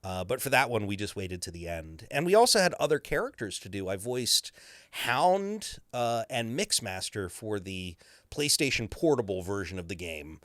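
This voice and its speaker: Animated voice actor, lively and bright. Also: male voice, on the low side, moderate pace, dry recording, clean studio sound. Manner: animated storyteller who slips into character voices. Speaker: voice actor guest. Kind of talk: podcast interview storytelling.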